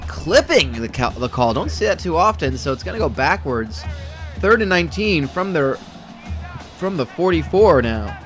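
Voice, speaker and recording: A man's voice: a little high, very animated, normal speed, fairly bright tone. A man calling simulated football games for a stream, rambling and correcting himself as he goes, with dry humor and music playing behind. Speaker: play-by-play commentator. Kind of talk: simulated game commentary over a stream.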